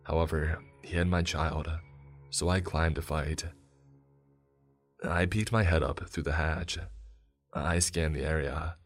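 A man with an extremely deep voice reads a first-person story. His delivery is steady and measured, with faint music playing underneath. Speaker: narrator.

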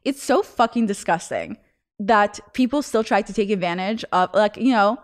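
A woman's voice: medium pitch, normal speed. A young woman hosting a podcast, telling a story in casual chat, with lots of "like" and frequent laughter. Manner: chatty, fills speech with "like", laughs often. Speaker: podcast host.

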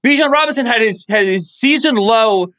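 A man co-hosting a sports podcast, talking fast and animated, breaking into theatrical mock-biblical rants. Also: very high voice. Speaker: podcast co-host.

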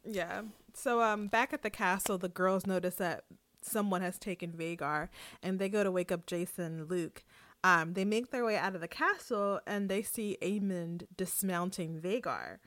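Woman co-host, bright, lively recapper who laughs easily, dry studio sound. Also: fairly low pitch, normal speed, no room sound. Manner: animated storytelling, laughs often. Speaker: podcast co-host. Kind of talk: casual TV episode recap.

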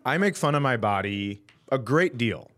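A man's voice: mid-range voice, expressive, moderate pace, fairly bright tone. A man hosting a podcast, telling a comic story in a profane, indignant way. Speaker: podcast host. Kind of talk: comedic storytelling chat.

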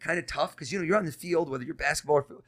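A man who is a mentalist guest on a podcast, running a mind-reading trick with quick, insistent showman patter. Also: fairly high pitch, a bit bright.

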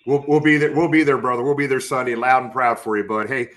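A man's voice: medium pitch, steady tone, fast, fairly bright tone. Hyped male sports show host. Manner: hyped, calls guest brother and man. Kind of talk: casual sports talk.

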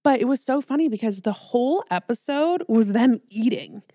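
A woman's voice: fairly high pitch, lively intonation, warm tone, no echo, clean studio sound. A woman co-hosting a podcast, telling stories in a chatty, casual way. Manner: chatty, storytelling, quick asides. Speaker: podcast co-host. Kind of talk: casual chat.

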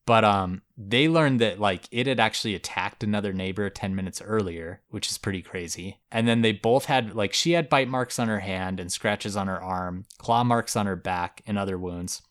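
A man's voice: on the low side, moderate pace, hardly any pauses, a bit bright. A man co-hosting a podcast, telling a news story in a casual, chatty way with frequent laughs and fillers. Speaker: podcast co-host. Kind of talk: casual chat.

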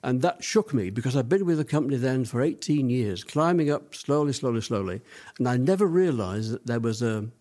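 A man's voice: medium pitch, animated, brisk, mellow. Older man, rambling reminiscing storyteller. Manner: rambling reminiscing with many fillers. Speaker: interview guest.

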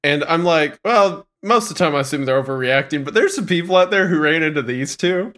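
A man in his twenties co-hosting a podcast, telling stories in an animated way and laughing often. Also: a little high, brisk. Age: 20s. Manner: animated storyteller, laughs often, says bro. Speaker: podcast co-host. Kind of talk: casual chat.

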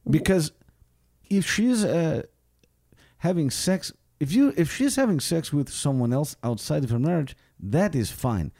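A man playing an earnest, deadpan Lithuanian immigrant shuttle driver with a Lithuanian accent, in an improvised comedy bit. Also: fairly high pitch, dry recording, clean studio sound. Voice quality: earnest, deadpan, slightly halting.

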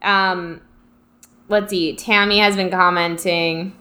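A woman's voice: fairly low pitch, fairly even intonation, takes it slowly, bright, forceful tone. A young adult woman co-hosting a casual live chat, rambling and reflective, with lots of fillers. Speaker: co-host reading live comments.

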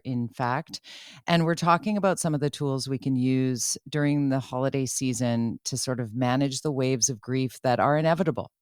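Low-voiced woman radio host, dry studio. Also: no echo. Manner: candid, chatty, quick to laugh. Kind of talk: talk radio interview.

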